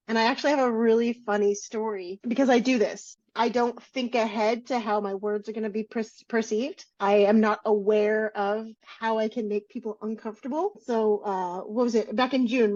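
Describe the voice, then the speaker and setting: A woman's voice: on the high side, darkish tone, dry recording, muffled recording. A woman co-hosting a podcast, telling candid self-deprecating stories in casual chat. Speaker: podcast co-host.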